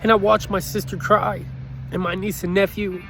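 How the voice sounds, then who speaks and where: A man's voice: high-pitched, little pitch movement, moderate pace, vocal fry, fairly bright tone, slight background noise. A man giving a heartfelt motivational talk in an earnest, pleading way, choked up with emotion. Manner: earnest, pleading, repeats his points. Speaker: motivational speaker.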